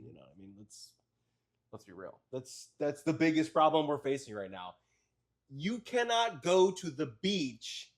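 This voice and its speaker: A man on a comedy podcast, riffing in a rambling, absurd improvised rant. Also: fairly high pitch. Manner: rambling, absurd, escalating riffs.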